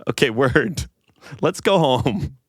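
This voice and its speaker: A man's voice: medium pitch, animated, takes it slowly, slightly rough, no echo, studio quality. A man co-hosting a podcast, joking loosely through casual banter and sign-offs. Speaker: podcast co-host.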